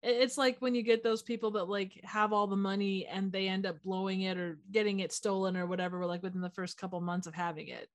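A woman's voice: mid-range voice, level tone, a little fast, hardly any pauses. A woman co-hosting a podcast, thinking aloud in casual chat with many fillers. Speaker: podcast co-host.

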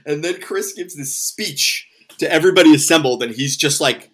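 A man co-hosting a podcast, his voice bright and forward. He talks in loose casual chat, rambles, swears often and acts out the lines he quotes. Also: on the high side, moderate pace, husky. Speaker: podcast co-host.

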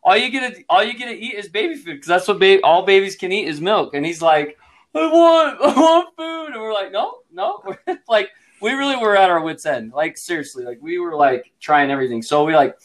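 A man's voice: high voice, fairly quick, few pauses, a bit bright. A man in his thirties, a father telling a parenting story in casual chat, laughing often and using lots of fillers.

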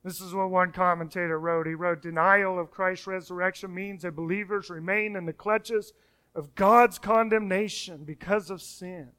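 A man preaching a sermon as pastor, emphatic, with repeated words and sudden soft hushed endings. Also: high voice, steady tone, normal speed, smooth. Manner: emphatic preaching, drops to soft hush on key phrases; repeats words and restarts when speeding up.

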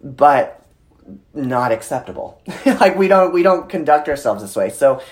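A man in his thirties, a guest in an interview, explaining communication with lively storytelling and frequent filler words. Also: a little high, measured pace. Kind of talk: conversational interview.

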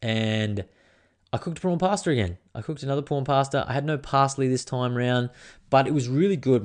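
A man in his thirties hosts his own podcast, chatting loosely about his weekend. He jokes and swears constantly in a rambling, offhand way. His voice sits at an ordinary middle pitch. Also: brisk, darkish tone. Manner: swears freely, rambling and joking. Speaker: podcast host. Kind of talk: casual solo podcast chat.

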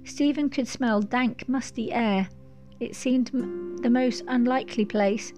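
A woman narrating a storybook in a measured, descriptive way. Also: a little high, steady tone, over music.

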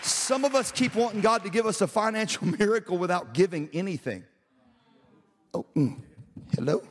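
This sermon comes from a pastor whose high voice has lively intonation and a moderate pace. He moves from relaxed storytelling into shouted passages that slightly strain his throat, and a faint crowd can be heard within the long reverb of the big auditorium.

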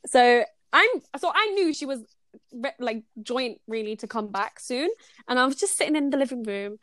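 A young woman co-hosting a podcast, telling stories in a lively chat full of fillers and laughs. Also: a little high, moderate pace, dry recording. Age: young adult. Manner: animated storytelling with many fillers and laughs. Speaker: podcast co-host. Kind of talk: casual chat.

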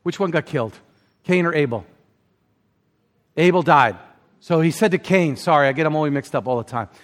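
A man's voice: expressive, normal speed. Impassioned preacher man in a reverberant hall. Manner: impassioned, rising to emphatic peaks then dropping low. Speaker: pastor. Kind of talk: sermon.

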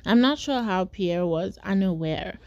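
A woman's voice: medium pitch, expressive, measured pace, a little mellow, dry recording, lo-fi sound. A young woman, telling a true-crime story in a casual, rambling way, full of fillers and asides. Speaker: podcast host.

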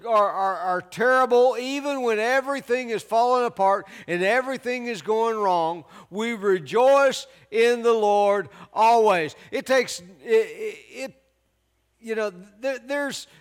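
A man preaching a sermon as pastor, emphatic and repetitive, often breaking in with "praise God". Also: extremely high pitch. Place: church sermon delivered to a remote audience.

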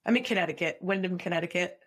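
A woman's voice: fairly low pitch, very fast, fairly bright tone. A woman from New England, a podcast guest, talking in a blunt, direct and outspoken way in casual conversation.

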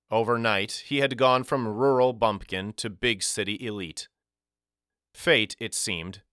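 A man reading a novel aloud as a narrator, in a measured, reflective storytelling manner. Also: fairly low pitch, pushed and bright, clear, resonant tone, no echo, clean studio sound. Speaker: audiobook narrator. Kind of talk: scripted first-person narration.

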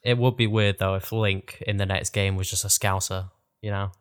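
Man, podcast co-host, casual chat, dry wry quips, lowish voice. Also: steady tone, normal speed, clean tone. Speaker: guest co-host.

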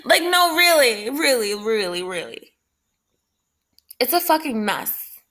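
A woman's voice: on the high side, very animated, normal speed, pauses often, pushed and bright. A woman ranting in a late-night video, heated and full of profanity, breaking into laughs. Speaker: vlogger. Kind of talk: late-night rant to camera.

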